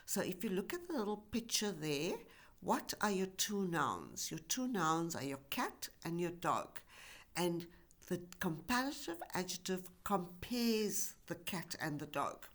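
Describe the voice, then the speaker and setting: A woman's voice: fairly low pitch, very animated, a little slow. A woman teaching English grammar in a recorded lesson, speaking carefully and stretching out example words. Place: university e-learning course.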